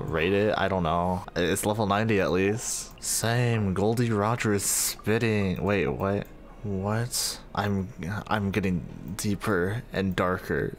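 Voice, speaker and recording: Slow, laid-back young man joking around. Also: lowish voice, slight background noise. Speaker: gaming video creator. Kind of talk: casual reaction commentary.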